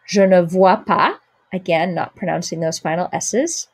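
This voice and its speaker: Low-voiced woman teaching French pronunciation. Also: breathy edge. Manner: explains patiently, slows down to model French words. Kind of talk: spoken language lesson.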